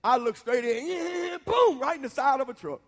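Telling a folksy story in his sermon, a Southern US preacher with a fairly high, expressive voice speaks at normal speed and keeps checking in with his listeners, addressing them directly. His points swell into shouts, and a long hall reverb carries the sound.

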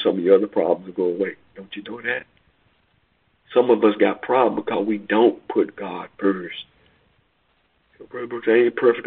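A man a sermon, repeating his points in call-and-response style and rising to near-shouts on key lines. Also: on the low side, creaky, breathy edge. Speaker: preacher. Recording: tinny phone-like radio broadcast.

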